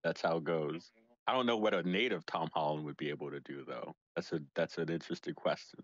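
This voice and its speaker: Here a man plays a brash, boastful stand-in for a celebrity in an improvised comedy bit, with a very deep voice. The recording is dry and a bit dull. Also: a little fast, fairly bright tone, no echo. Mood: joking.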